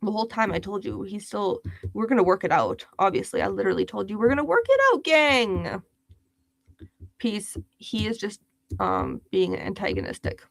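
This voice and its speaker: A woman's voice: medium pitch, lively intonation, moderate pace, vocal fry, no room sound. A young woman hosting a casual livestream, chatty and giggly, reading viewers' comments aloud. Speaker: livestream host.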